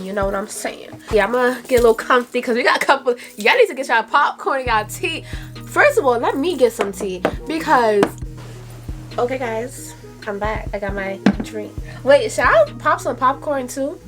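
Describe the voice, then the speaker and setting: Giggly Brooklyn woman, slangy and high. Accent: Brooklyn New York. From Brooklyn, New York. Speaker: vlogger. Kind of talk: casual chat.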